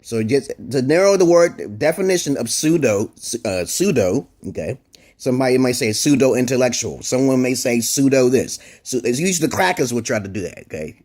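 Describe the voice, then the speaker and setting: Husky-voiced man rambling to camera. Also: medium pitch, lively intonation, normal speed, a little mellow. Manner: repeats "okay?" and restarts words often, swears freely. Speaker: vlogger. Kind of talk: rambling opinion monologue to camera.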